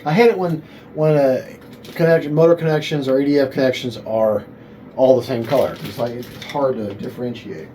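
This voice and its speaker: A man's voice: medium pitch, fairly even intonation, brisk, background noise. A man hosting a hobby video, casually thinking aloud and correcting himself as he unboxes, often calling things cool.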